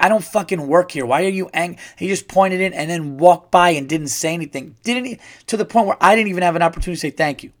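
A middle-aged man hosts his own podcast and vents through a comedic story about bad service. He swears freely, jumps between his own voice and acted-out quotes, and his voice sits a little higher than most men's. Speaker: podcast host. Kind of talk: ranting comedic monologue.

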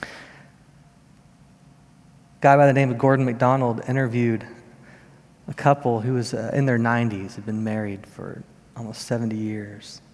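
A man's voice: medium pitch, level tone, moderate pace, long pauses, darkish tone. Earnest man preaching in a hall. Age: 30s. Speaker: pastor. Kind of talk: sermon. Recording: long reverb of a large hall.

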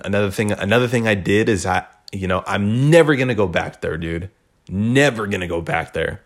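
A young man hosting a solo podcast, rambling casually with lots of profanity, fillers and restarts. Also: sits low. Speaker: podcast host.

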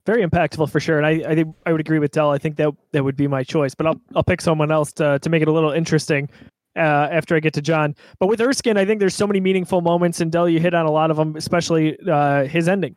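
A man's voice: on the high side, fairly even intonation, no echo. A man hosting a casual movie podcast, steering the talk and handing over to guests. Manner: measured, moderating the discussion. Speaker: podcast host.

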